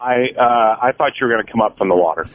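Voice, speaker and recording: A man's voice: medium pitch, fast, phone-quality sound, a little hiss or hum. A man calling in to a radio show, talking in a hesitant, stammering way. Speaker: caller. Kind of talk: radio call-in chat.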